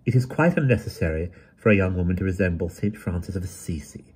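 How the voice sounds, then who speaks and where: A man voicing a brisk, severe young woman who speaks in a crisp, emphatic, commanding way. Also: sits low, a little mellow.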